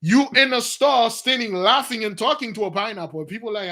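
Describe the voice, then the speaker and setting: A man delivering an animated preaching monologue, swinging between loud outbursts and low mutters. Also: normal speed, hardly any pauses. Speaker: spiritual teacher.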